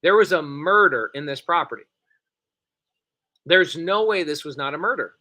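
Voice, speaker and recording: A middle-aged man telling a story in an excitable, animated way, with quick bursts and repeated phrases. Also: a little high. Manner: excitable, rapid and repetitive. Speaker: podcast co-host.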